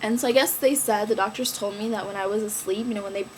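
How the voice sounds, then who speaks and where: A young woman telling a story in a casual vlog, animated and slangy, acting out quoted lines in a raised voice. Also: mid-range voice, fast, slight background noise, rough recording. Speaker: vlogger.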